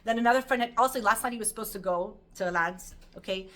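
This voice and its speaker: Bright-voiced middle-aged woman teaching. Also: medium pitch, fast talker. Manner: animated storytelling, lively and chatty. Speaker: Torah teacher. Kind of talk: informal Torah class.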